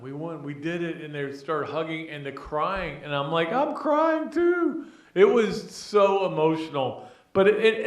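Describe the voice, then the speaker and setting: A middle-aged man hosting a sports podcast, talking casually in a rambling, animated, emotional way with many restarts. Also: on the high side. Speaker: podcast host. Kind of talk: casual sports talk monologue. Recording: roomy echo.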